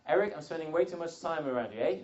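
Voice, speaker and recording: A man's voice: fairly high pitch, expressive, quick pace. A man giving a live seminar talk to a room of attendees, rambling with frequent restarts and joking asides. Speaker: seminar speaker. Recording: dull lo-fi seminar recording.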